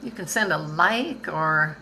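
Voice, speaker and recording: An older woman from Canada talks unhurriedly to her live-stream viewers with a gravelly edge. Her voice sits a little low but sounds bright, and she rambles on cheerfully, laughing easily. It sounds like a computer mic. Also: animated, takes it slowly, slight background noise, rough recording. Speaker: visual artist hosting a live stream. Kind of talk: casual live-stream talk.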